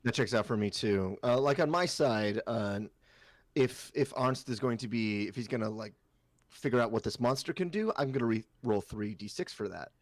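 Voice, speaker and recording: A man's voice: medium pitch, normal speed, no room sound. Male co-host, rambling casual delivery, dry close sound. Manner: loose, rambling, many fillers and restarts. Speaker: co-host and player. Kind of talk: casual chat about a tabletop game.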